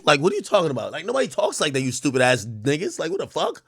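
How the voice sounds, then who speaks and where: A man's voice: a little high, huge pitch swings, racing, few pauses, fairly bright tone, slightly rough, no echo, clean studio sound. A man in his thirties hosting a livestream, ranting to his chat in a profane, mocking way and laughing often. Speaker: livestream host. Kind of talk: casual rant to a live chat.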